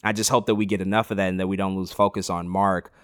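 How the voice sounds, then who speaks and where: A lower-pitched man talks through a TV episode in a relaxed podcast chat. He is enthusiastic, backtracks often, and fills pauses with "like" and "um". The sound is dry and close, with little room echo. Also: clear, resonant tone. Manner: enthusiastic, many fillers and restarts. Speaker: podcast co-host. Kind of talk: casual discussion of a TV episode.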